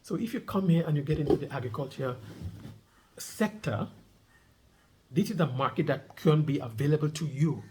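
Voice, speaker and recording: The speaker is a middle-aged male vlogger whose voice is on the high side and dark in tone, at a normal speed with frequent pauses. There's a little hiss or hum in the recording. He reads a news article aloud, interrupts himself to comment, emphatically repeats key points and asks listeners to underline words.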